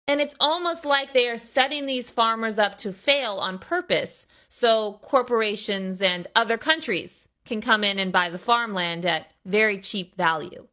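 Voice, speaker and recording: A woman's voice: medium pitch, sharp tone. A woman earnestly explaining a political issue in a commentary video.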